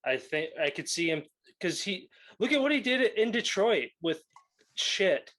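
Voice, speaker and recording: A man's voice: high-pitched, big pitch swings, a little slow, fairly bright tone. A young man co-hosting a podcast, chatting casually about sports and laughing often. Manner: laughs often, loose and joking. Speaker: podcast co-host.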